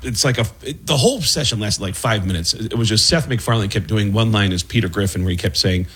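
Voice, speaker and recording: A middle-aged man, a voice actor and impressionist, telling an animated talk-show anecdote. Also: fairly low pitch, fast, hardly any pauses, breathy edge. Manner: animated storytelling with laughs and quoted voices.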